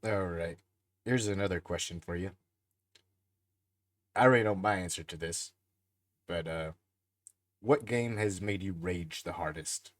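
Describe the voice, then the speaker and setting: A man co-hosting a podcast, chatting in a relaxed way, asking questions and swearing casually. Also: sits low, a little slow, long pauses. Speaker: podcast co-host.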